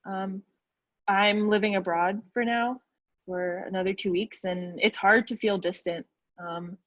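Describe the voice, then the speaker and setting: A woman on an online panel, joining remotely from abroad and speaking in a measured way, pausing hesitantly. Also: medium pitch. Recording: dull lo-fi video call audio.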